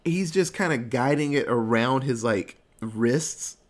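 A man in casual podcast chat, retelling movie scenes with swearing, laughs and quick voices for the characters. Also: medium pitch, animated. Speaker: podcast co-host.

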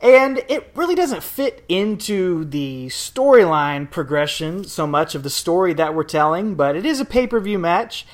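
A man's voice: sits high, sing-song, moderate pace, few pauses. Chatty male podcast co-host. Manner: upbeat, chatty, with fillers. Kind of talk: casual podcast chat.

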